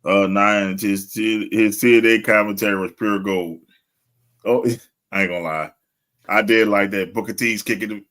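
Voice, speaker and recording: A man with a lowish voice co-hosts a wrestling podcast at normal speed, chatting casually. He laughs a lot and tells stories in an animated way.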